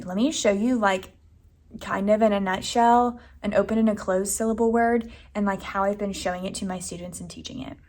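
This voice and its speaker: A woman's voice: mid-range voice, a little hiss or hum. Young female teacher, lilt, rambling chatty vlogger delivery. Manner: chatty, rambling, many "like"s and "anyways". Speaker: elementary school teacher. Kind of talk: casual day-in-the-life vlog talk.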